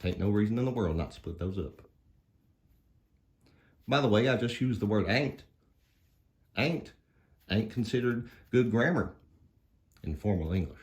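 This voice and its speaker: A man's voice: on the low side, lively intonation, unhurried, long pauses, darkish tone. A man voicing a folksy male dog grammar professor, giving an easygoing puppet-show lesson. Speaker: teacher.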